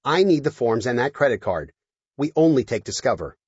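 A man's voice: medium pitch, sing-song, brisk, darkish tone, husky, no room sound, lo-fi sound, voice pushed up. A man voicing a pedantic, officious male robot cook in an audiobook. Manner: stiff, bureaucratic, pedantic.

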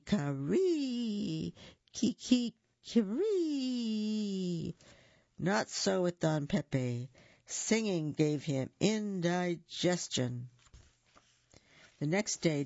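A storyteller reading a picture book aloud, expressive and gentle, with small asides to listeners. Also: mid-range voice, vocal fry, no room sound. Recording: dull lo-fi recording.

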